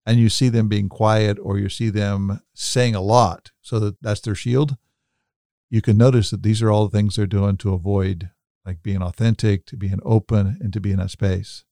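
A man's voice: lowish voice, fairly even intonation, moderate pace, warm tone, no echo, studio quality. A man co-hosting a podcast, talking in a thoughtful, coaching way and telling stories from his own life. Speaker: podcast co-host. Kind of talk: reflective podcast talk.

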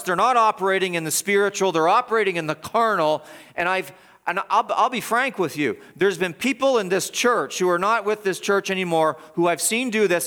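A middle-aged male pastor preaching verse by verse, swinging from loud emphatic peaks to low, quiet asides. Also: clear, resonant tone. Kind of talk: expository sermon.

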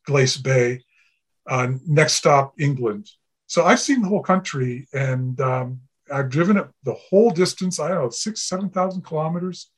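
Husky-voiced man from Canada, rambling. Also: fairly high pitch. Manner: rambling, many fillers, anecdotal. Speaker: guest. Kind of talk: casual podcast chat.

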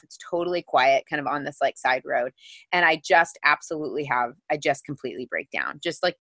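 A woman's voice: low-pitched, a bit bright, no echo. A woman guest on an interview podcast, sharing a personal story in an earnest, emotional way, often saying "like". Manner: earnest, emotional, heavy use of "like".

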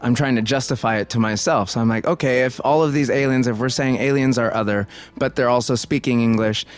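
A man's voice: medium pitch, a little fast, faint music behind. A man giving casual film commentary, thinking aloud and digressing with many restarts.

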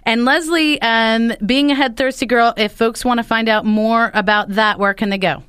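Woman radio host, smooth and crisp, slightly high, dry studio sound. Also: steady tone, normal speed, fairly bright tone, no room sound. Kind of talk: radio interview.

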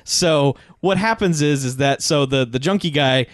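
A man's voice: on the high side, dry recording, studio quality. A man co-hosting a casual movie podcast, laughing often while summing up the plot. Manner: laughs often, quick summaries. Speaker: podcast co-host.

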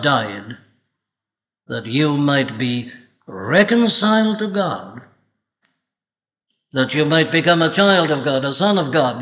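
A man preaching a sermon from Wales with an emphatic, dramatic delivery. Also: fairly high pitch. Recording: echoey hall, dull archival audio.

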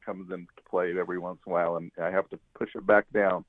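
A man's voice: low-pitched, flat delivery, quick pace, no echo. A male co-host on a talk show who answers with wry, dry quips. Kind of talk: casual radio talk show chat. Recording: tinny phone-like line.

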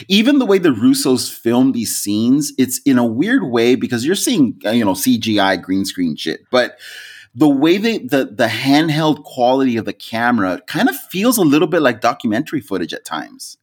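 Animated, swearing male podcast host. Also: normal speed. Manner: animated storyteller, swears freely, jumps to high laughing peaks. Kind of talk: casual podcast chat.

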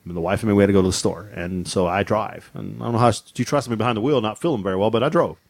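A man's voice: rapid-fire, gravelly, dry recording. A man co-hosting a casual podcast, telling a funny story with lots of laughter and voiced asides. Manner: animated, laughing, mimics wife in high voice. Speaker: podcast co-host.

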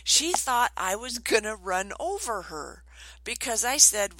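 Middle-aged woman, trainer, lively storyteller, bright and forceful tone, dry close sound. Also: on the high side, measured pace, dry recording, rough recording. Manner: animated, acts out quoted voices. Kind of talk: storytelling talk.

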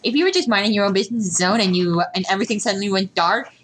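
A woman on a casual podcast, telling a halting anecdote about a video game. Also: mid-range voice, a bit bright. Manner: chatty, halting anecdote with restarts. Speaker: podcast guest.

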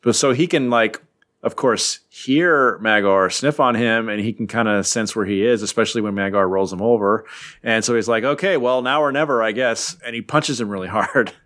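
A man's voice: lowish voice, normal speed, fairly bright tone. A man casually recapping a comic story as a podcast host, in a rambling, jokey way with frequent filler words. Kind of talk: casual chat.

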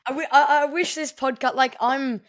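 A woman's voice: high-pitched, steady tone, moderate pace. A woman hosting a podcast interview, enthusiastic and effusive, often restarting her sentences. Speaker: podcast host. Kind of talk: casual interview.

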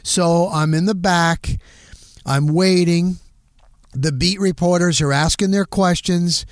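High-voiced, punchy middle-aged male host. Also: slow, dry recording, studio quality. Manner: animated, punchy, acts out quotes with sound words like "boom". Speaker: podcast host. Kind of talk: casual storytelling monologue.

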